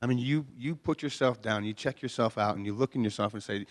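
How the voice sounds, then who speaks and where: A male pastor talks to his congregation in a loose, conversational sermon. He jokes in a folksy way and keeps asking rhetorical questions to pull the room along. His voice sits at an ordinary middle pitch. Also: fast, hardly any pauses. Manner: folksy, joking, peppers talk with rhetorical questions. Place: chapel before a congregation.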